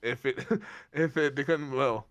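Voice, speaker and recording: A young man chats casually, telling animated stories and laughing often. His voice has a middle pitch and sounds dry and close to the mic. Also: slow pace, no echo, highs cut off. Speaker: podcast co-host. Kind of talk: casual chat.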